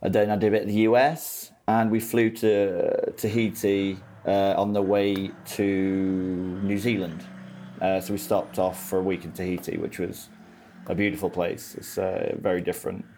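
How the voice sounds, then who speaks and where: A man's voice: deep voice, level tone, normal speed, mellow, slight background noise. A man with a faded Grimsby accent, a guest in a casual podcast chat, laid-back and self-mocking. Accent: Grimsby, Lincolnshire English, diluted. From England.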